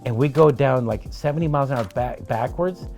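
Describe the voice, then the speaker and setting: Guesting on a podcast, a trial lawyer tells a wild travel story over drinks, swearing a lot in an animated, profane way. His voice is medium in pitch and a little fast, with faint music in the background.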